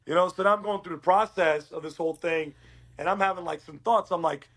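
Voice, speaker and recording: A middle-aged man from Uruguay, a podcast guest, telling his story in a casual, animated way and acting out quoted dialogue. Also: high-pitched, brisk.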